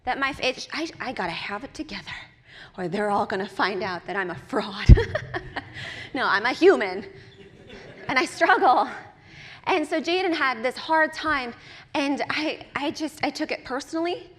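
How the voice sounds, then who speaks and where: A woman giving a sermon at a church service, with animated, personal storytelling and easy laughter. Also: sits high, normal speed, big-room sound. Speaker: guest speaker at a church.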